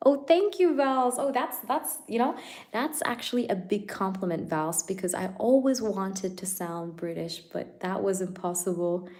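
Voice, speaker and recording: A woman's voice: medium pitch, expressive, normal speed, a little mellow. A woman hosting a live tarot stream, chatting casually with viewers. She is playful, laughs often and fills her talk with "like" and "you know".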